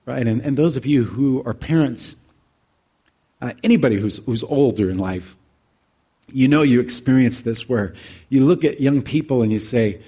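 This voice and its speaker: A man's voice: mid-range voice, moderate pace, dark tone, husky. Man, forties, speaking to an audience, reflective, heartfelt, conversational storytelling. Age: 40s. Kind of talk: personal storytelling talk.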